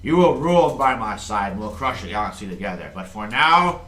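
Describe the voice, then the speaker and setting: A stern alien emperor, out of patience and barking orders at his son, voiced with a bright, forceful edge as a game master puts him on. The sound is roomy and echoey. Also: on the low side, lively intonation, a little fast, a little hiss or hum. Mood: commanding. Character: imperious alien warlord emperor, impatient, commanding.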